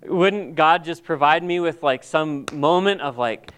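A middle-aged man telling a halting, emotional personal testimony to a group, full of restarts and pauses. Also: a little high, a bit bright, clean tone. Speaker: Bible college staff member.

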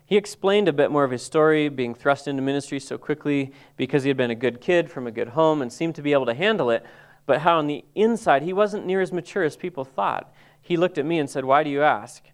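A middle-aged man telling a halting, emotional personal testimony to a group, full of restarts and pauses. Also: medium pitch, clear, resonant tone. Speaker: Bible college staff member.

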